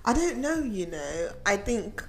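A woman's voice: medium pitch, very animated, a little slow. A young woman born in the UK who lived in Nigeria for a while, co-hosting a podcast in casual chat, hesitant and rambling with frequent laughs. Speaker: podcast co-host.

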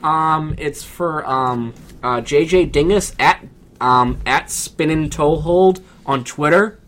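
A man's voice: on the high side, slow, a bit bright. A man, co-hosting a podcast in casual chat, joking and rambling with crude humor. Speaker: podcast co-host.

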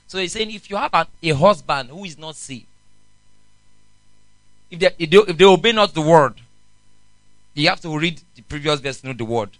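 A man, a pastor preaching a sermon in an animated way and often asking the congregation questions. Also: a little high, moderate pace, pauses often, no echo, low-quality recording.

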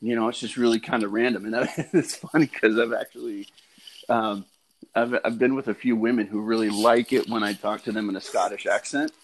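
A man's voice: on the low side, fairly even intonation, fairly quick. An American man co-hosting a podcast, chatting casually and joking with frequent laughs. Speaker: podcast co-host. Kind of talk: casual chat.

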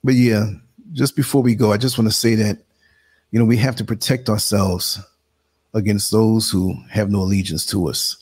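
A man's voice: on the low side, steady tone, moderate pace, darkish tone, breathy edge. A man with a New York accent hosting a casual live stream, chatting to viewers and muttering asides as he works the computer. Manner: conversational, muttering asides while working the computer. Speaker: live show host. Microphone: computer streaming setup.

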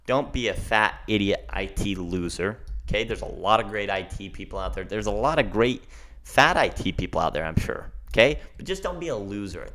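A young man hosting his own podcast, talking off the cuff in an excitable, rambling rush. His voice sits somewhat low for a man, and he jumps from one thought to the next. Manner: rambling, excitable, self-described fast talker. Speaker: podcast host. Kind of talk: casual solo podcast rant.

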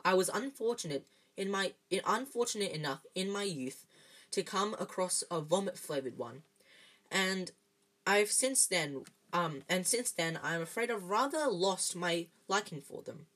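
A woman's voice: lowish voice, expressive, measured pace. A woman reading a dreamy old wizard headmaster. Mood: whimsical. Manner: gentle, musing, wry. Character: elderly male headmaster wizard, whimsical and dreamy.

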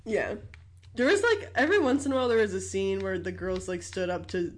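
A woman's voice: medium pitch, a little fast. Laughing woman co-hosting a podcast. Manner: laughs often, acts out quotes. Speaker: podcast co-host. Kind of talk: casual movie recap chat.

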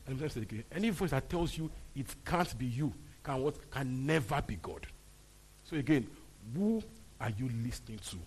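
A man's voice: medium pitch, animated, moderate pace, darkish tone, a little hiss or hum. A man with a Nigerian accent preaching a sermon, pressing his point with repeated phrases and rhetorical questions to the congregation. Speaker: pastor. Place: church service.

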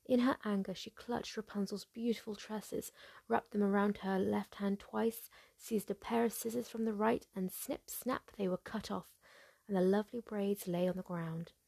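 A woman tells a fairy tale in a breathy whispered role-play. Her hushed voice is mellow and slightly gravelly, set close in a dry space. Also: medium pitch, fairly even intonation, no echo. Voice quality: soft and breathy. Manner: gentle, slow and hushed. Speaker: storyteller.

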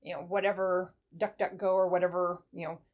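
A woman's voice: lowish voice, fairly quick. A middle-aged woman, a former military sergeant, giving advice in a conversational interview and acting out bits of dialogue as she goes. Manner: animated storyteller, acts out dialogue in a brighter voice.

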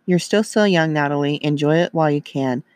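A man's voice: a little high, fairly quick, a little mellow, no echo, lightly acted. A man voicing a friendly, chatty middle-aged mother.

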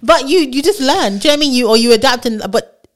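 A woman co-hosting a podcast, telling animated stories in casual chat and acting out what people said. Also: sits high, fast talker. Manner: animated storyteller, acts out quotes. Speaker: podcast co-host, HR worker.

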